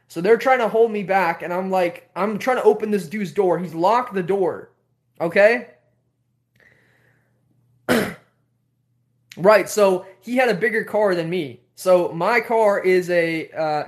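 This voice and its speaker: A young man telling a story on a live stream, animated, swearing and repeating himself. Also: high-pitched. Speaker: host.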